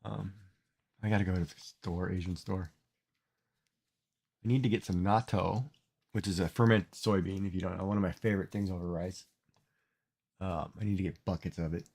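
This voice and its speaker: A man's voice: sits low, fairly even intonation, normal speed, gravelly, long pauses, darkish tone. A middle-aged man streaming and chatting casually, rambling and repeating words as he talks. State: tearful, crying. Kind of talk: casual livestream chat.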